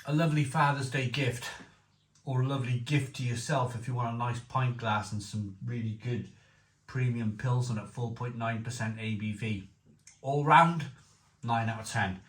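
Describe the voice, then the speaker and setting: A man reviewing a beer in casual chat, enthusiastic, repeating himself and rambling. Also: medium pitch. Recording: echoey room with faint noise.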